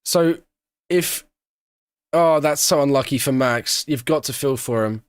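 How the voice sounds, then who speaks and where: Speaking a little slowly in a smooth mid-range voice, this man is heard in a studio-quality recording with no room sound. He's streaming a live race watch-along, chatting casually, responding to his chat's questions and shouting excitedly at key moments.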